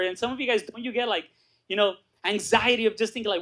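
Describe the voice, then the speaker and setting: A middle-aged man giving a motivational talk to a live audience, telling his story with lively acted-out voices and asking "right?" again and again. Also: high voice, fast talker. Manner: animated storytelling, acts out quoted voices, keeps asking "right?". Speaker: guest speaker. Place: meeting room with audience.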